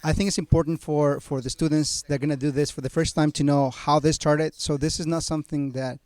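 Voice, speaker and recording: Guy interviewing, kinda high voice, dry sound, stops and repeats himself a lot. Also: fairly even intonation, a little mellow, dry recording. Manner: halting, repeats words, earnest. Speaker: school district program host, interviewer.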